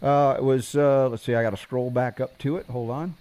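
A man's voice: mid-range voice, fairly even intonation, a little fast, a little mellow, no room sound. A man hosting a talk show, asking questions in a casual, hesitant way full of fillers. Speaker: show host. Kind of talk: casual chat.

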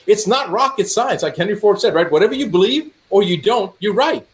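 A man, a doctor, telling stories in conversation, acting out dialogue with a rising voice. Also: fairly quick. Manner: animated, acts out dialogue with rising pitch. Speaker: doctor guest. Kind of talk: storytelling in conversation.

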